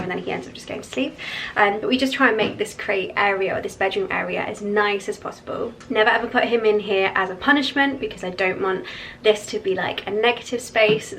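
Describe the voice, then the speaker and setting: A young woman talks casually at home, vlogging in an easygoing, chatty way and often pausing on fillers. Her voice sits at a medium pitch. A faint noise hums behind her. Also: poor audio. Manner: chatty, relaxed, with many fillers. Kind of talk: casual chat.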